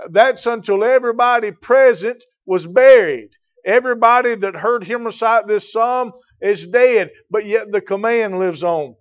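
A man preaching a sermon, moving from quiet teaching to loud, emphatic declarations. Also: high voice, unhurried, highs cut off. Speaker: pastor.

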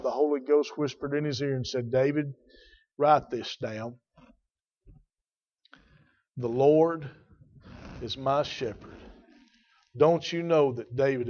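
A man preaching a Baptist sermon, telling stories in a folksy way that drops to a hush and rises to a shout. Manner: folksy storytelling, swinging from hushed to booming. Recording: dull lo-fi recording.

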